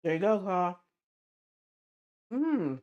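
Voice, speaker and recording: Speaking slowly in a lowish, sing-song voice with a darkish tone, a woman eats and chats with viewers on a late-night stream, answering chat and laughing a lot. The recording's highs are cut off.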